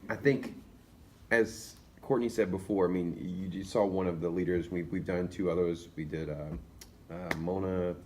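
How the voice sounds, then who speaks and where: A man with a very low voice speaks up in a class discussion. He is halting and sincere, and he pads his sentences with fillers. Faint room noise sits behind him. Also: steady tone, darkish tone. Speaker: class participant. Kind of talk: casual remarks in a group discussion.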